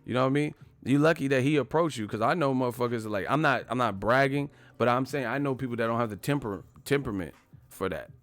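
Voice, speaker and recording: A man's voice: mid-range voice, fast, a bit bright. A man hosting a boxing live stream, talking casually and profanely, retelling stories with acted-out quotes. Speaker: boxing channel host.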